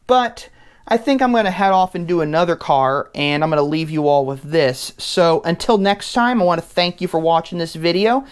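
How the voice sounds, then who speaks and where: A man's voice: fairly high pitch, clear, resonant tone. A man, the channel's host, casually thinking aloud as he talks through building a car online in an easygoing voice-over.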